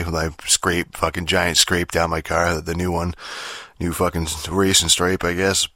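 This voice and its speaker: A man's voice: low-pitched, flat delivery, normal speed, bright, forceful tone, dry recording. A man hosting a podcast, rambling through a casual monologue, swearing constantly and full of fillers and restarts. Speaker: podcast host.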